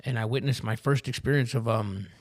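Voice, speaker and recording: A podcast guest with a medium-pitched voice talks fairly quickly through his recovery story. His delivery is casual street slang, meandering and laced with swearing.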